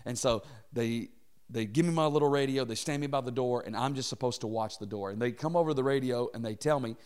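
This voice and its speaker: A man's voice: mid-range voice, fast talker, a little mellow, clear, resonant tone. A man in his thirties preaching, telling a comic personal story and acting out the quotes in funny voices. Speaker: pastor. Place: church auditorium.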